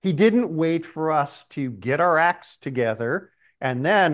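A man preaching a sermon, slow and emphatic, often clearing his throat. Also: on the high side, animated.

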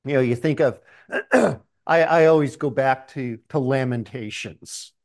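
A man preaching a sermon, slow and emphatic, often clearing his throat. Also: medium pitch.

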